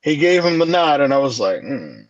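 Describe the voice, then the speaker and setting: Animated man on a dull, lo-fi mic. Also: fairly high pitch, brisk, dry recording. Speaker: podcast co-host. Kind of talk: casual wrestling chat.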